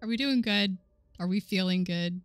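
A young woman giving excitable, swearing let's-play commentary on a horror game, laughing often and chatting with her viewers. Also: medium pitch, normal speed, dry recording. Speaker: gaming streamer.

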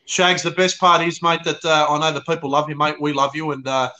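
A cheeky Australian man talks as a guest on a live chat. He banters hard and throws in "mate" all the time. His voice is a little high, with a bright, forceful edge. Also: little pitch movement, brisk, slight background noise. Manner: cheeky, banter-heavy, says mate often. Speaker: guest, fellow show host. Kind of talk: casual live-stream chat.

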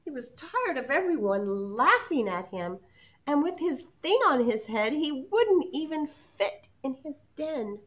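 Slow, expressive woman reading a storybook. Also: high-pitched. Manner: expressive, asks the children questions. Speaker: preschool teacher. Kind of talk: storybook read-aloud for children. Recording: muffled lo-fi sound.

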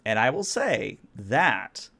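A man running a tabletop role-playing game as game master. He narrates scenes in a plain, mid-pitched voice and asks players for rolls. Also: wildly swooping pitch, slow pace, pushed and bright. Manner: descriptive, storyteller.

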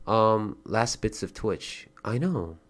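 A man chatting casually as a livestreamer, thanking viewers and donors, swearing freely and getting excited in bursts. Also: on the low side, slow.

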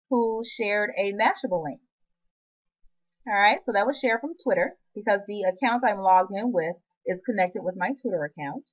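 A woman's voice: mid-range voice, phone-quality sound. A woman presenting a screen-recorded web marketing tutorial, chatty and upbeat with playful asides.

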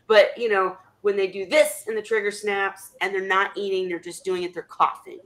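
A woman hosting a casual video call chat, talking in a chatty, rambling, animated way. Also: medium pitch, brisk, hardly any pauses. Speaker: host.

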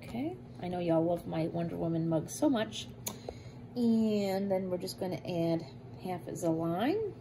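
A woman in her thirties talks unhurriedly through a home cooking session, playful and chatty, with cutesy made-up words. Steady noise hums behind her in the kitchen, and she paces her words slowly. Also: on the low side. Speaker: cooking vlogger. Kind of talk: casual cooking chat and eating.

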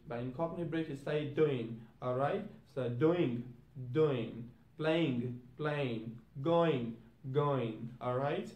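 A man with a fairly high voice hosts an accent tutorial. He says each example word twice and checks in with "all right?" after every point. He is recorded in a room with a noticeable echo. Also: a little mellow. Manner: explains, then repeats example words twice, often asks "all right?". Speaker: host. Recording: echoey room.

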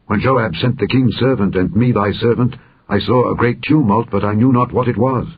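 A man's voice: lowish voice, normal speed, breathy edge, highs cut off. A man voicing an eager young messenger. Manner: eager, pleading. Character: eager young male runner bearing news.

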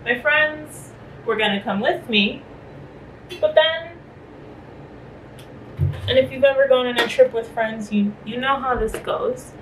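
A woman's voice: a little high, measured pace, long pauses, a little hiss or hum, poor audio. A young woman vlogging casually as she shows off her hotel room, chatty and playful. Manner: chatty and animated, playful asides. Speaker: travel vlogger. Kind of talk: casual vlog chat.

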